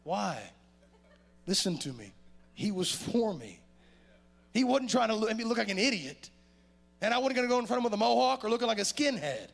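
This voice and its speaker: A man delivers a sermon in a church with a gravelly edge to his voice. His pitch swings widely, climbing for emphasis and falling low for quieter points. His voice sits a touch higher than most men's. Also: a little fast, pauses often, soft background music. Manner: animated preaching with sudden loud rises and quiet drops. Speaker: pastor. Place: church sanctuary.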